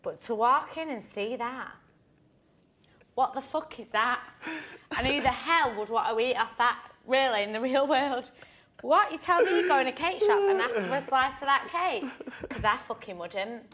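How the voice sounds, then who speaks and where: A woman's voice: sits high, animated, normal speed, sharp tone. A woman in a reality show house, ranting late at night with heavy swearing and laughing through her words. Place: shared house bedroom at night.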